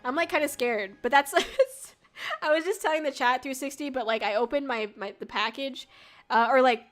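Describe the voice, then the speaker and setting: This young woman, a VTuber, streams live at a normal speed, chatting and rambling with lots of fillers and swearing. Faint music plays beneath her bright, forward voice, which sits a little high.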